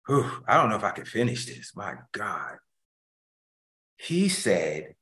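A man's voice: lowish voice, sing-song, takes it slowly, pauses often. Emotional older male pastor preaching. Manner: emotional, swings between hushed and loud. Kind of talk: sermon. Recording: echoey room.

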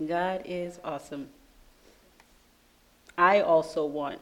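A woman from New York telling a lively personal testimony in church, laughing often as she speaks. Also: lowish voice, measured pace, slight background noise, poor audio. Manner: animated storytelling, laughing often. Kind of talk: sermon testimony.

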